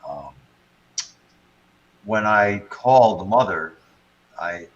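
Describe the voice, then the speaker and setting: A man hosting a podcast, talking in a measured, hesitant way with frequent pauses and fillers. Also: on the low side, animated, highs cut off. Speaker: podcast host, paranormal investigator. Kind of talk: casual chat.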